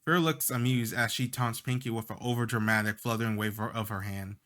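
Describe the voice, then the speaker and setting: A man's voice: on the low side, fairly even intonation, fairly quick, fairly bright tone. A young man hosting a casual let's play, reading story text with jokey asides. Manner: jokey asides between read lines.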